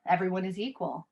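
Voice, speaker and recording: A woman's voice: lowish voice, highs cut off. A woman in her thirties hosts a live online session over a video call. Her talk is conversational and direct, and she often reads the audience's chat messages aloud. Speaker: workshop facilitator.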